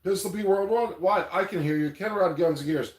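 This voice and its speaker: A man's voice: high-pitched, moderate pace. A man hosting a casual livestream, rambling loosely, reading chat aloud and swearing casually. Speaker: livestream host. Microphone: tablet mic. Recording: echoey room.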